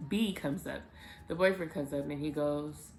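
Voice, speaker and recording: A woman vlogger telling a personal story to the camera in a casual, animated way, with emphatic bursts. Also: low-pitched, moderate pace, soft background music.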